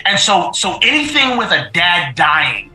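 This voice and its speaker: A man's voice: sits high, unhurried, faint music behind. A middle-aged man chatting casually on a show, telling stories with feeling and repeating his phrases. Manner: animated, repeats phrases, emotional storytelling. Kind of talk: casual chat. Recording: roomy echo.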